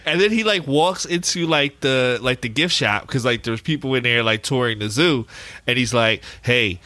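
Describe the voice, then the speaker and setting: A man's voice: medium pitch, moderate pace, pushed and bright, dry recording. A man co-hosting a podcast in casual chat, recapping a show animatedly and giggling often. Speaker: podcast co-host.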